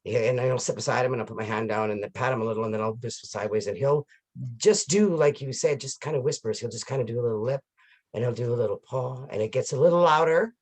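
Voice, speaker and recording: A man hosting an interview over a video call, chatting enthusiastically. He rambles and restarts his sentences often, in an everyday voice of middle pitch. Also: fast, a little mellow. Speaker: interview host.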